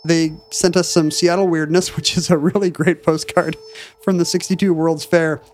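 A man co-hosting a podcast, riffing quickly and wryly in casual chat. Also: on the high side, little pitch movement, darkish tone, slight background noise. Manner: quick, wry, talkative riffing. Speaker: podcast co-host.

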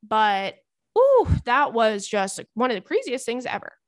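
Young woman, podcast host, casual gossipy chat, slightly high voice, dry recording. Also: a little slow, dry recording. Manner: gossipy, animated, swearing, says "girl" and "like" often. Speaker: podcast host reading listener emails.

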